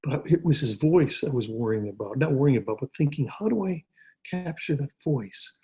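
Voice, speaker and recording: Husky older man telling stories. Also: medium pitch, expressive, normal speed, lo-fi sound. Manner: rambling, repeats words, restarts often. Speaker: interview guest, actor. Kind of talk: casual storytelling interview. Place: home.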